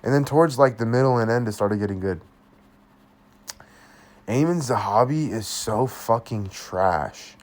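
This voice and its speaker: A man's voice: medium pitch, measured pace, pauses often. A young man giving a casual, blunt fight review, swearing constantly and talking in loose slang. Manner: blunt, heavily profane, slangy. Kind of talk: casual commentary.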